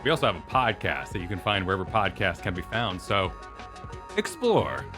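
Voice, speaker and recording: A man's voice: low-pitched, big pitch swings, moderate pace, music in the background. A man co-hosting a game stream, chatting casually and playfully. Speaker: co-host reading game dialogue. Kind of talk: casual stream chat and game dialogue reading.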